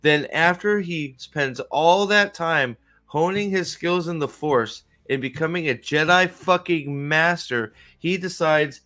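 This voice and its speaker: A man's voice: a little high, a little slow, hardly any pauses, pushed and bright. Profane, rambling male streamer. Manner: profane, rambling, repeats himself. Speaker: streamer host. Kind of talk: casual rant.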